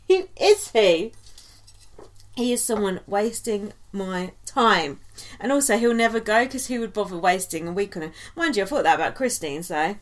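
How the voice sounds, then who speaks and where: A woman's voice: mid-range voice, animated, normal speed. Giggly woman gossiping on a podcast. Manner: giggly, gossipy, quotes people in put-on voices. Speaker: podcast co-host. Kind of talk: casual chat.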